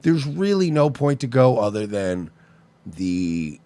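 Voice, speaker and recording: A man's voice: medium pitch, big pitch swings, takes it slowly, warm tone, dry recording. A man co-hosting a talk show, telling stories in casual chat, swearing freely and acting out the people he describes. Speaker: radio show co-host.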